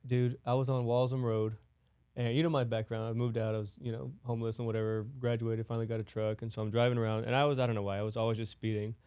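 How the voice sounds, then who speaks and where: A male podcast co-host tells a story in a loose, animated way, dropping "dude" every few sentences. His voice is warm and mellow, sitting at an ordinary pitch. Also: fast, clean tone. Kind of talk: casual storytelling chat.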